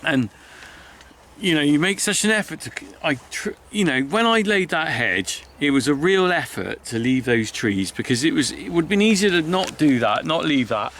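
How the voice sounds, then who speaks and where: A man's voice: a little high, animated, normal speed, fairly bright tone, slight background noise. Farmer guy walking his hedges outdoors, middle-aged, rambly and heartfelt, sighs a lot. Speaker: farmer vlogger. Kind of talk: casual walk-and-talk vlog.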